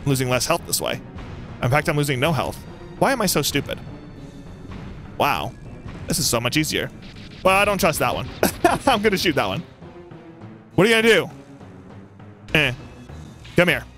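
A young man giving let's play commentary on a boss fight, excitable and taunting the enemy. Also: a little high, normal speed, long pauses, faint music behind. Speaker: gaming YouTuber.

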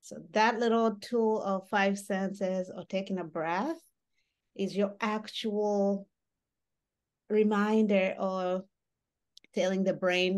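A woman's voice: medium pitch, steady tone, slow pace, pauses often. A middle-aged woman giving a workshop talk in a conversational teaching style, explaining with everyday examples and often checking in with the audience. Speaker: workshop trainer.

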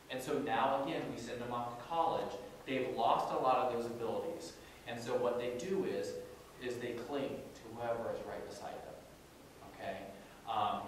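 A man giving a talk and taking questions, earnest and halting with many fillers and restarts. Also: medium pitch, a bit bright. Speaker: guest speaker. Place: large echoey meeting room. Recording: echoey room from far off, noisy.

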